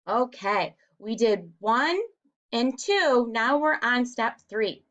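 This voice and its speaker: A woman teacher walking young children through a writing lesson in a slow, deliberate, encouraging way. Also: fairly high pitch, animated, fairly bright tone. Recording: dull, lo-fi home recording.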